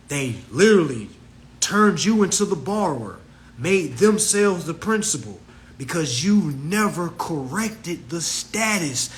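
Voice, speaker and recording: Loud, animated man ranting profanely about debt. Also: unhurried, a little hiss or hum. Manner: animated, profane and preachy, mocks others in shrill voices. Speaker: host. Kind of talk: livestream talk.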